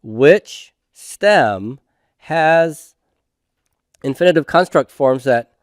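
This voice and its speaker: A man's voice: on the high side, animated, drawn-out words, no room sound, clean studio sound. A middle-aged man teaching a recorded grammar lecture. He patiently asks questions and then answers them himself.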